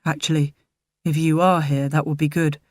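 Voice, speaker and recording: Woman reading as a guarded young man, firm and clipped, low voice. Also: level tone, normal speed, darkish tone, dry recording, studio quality, lightly acted.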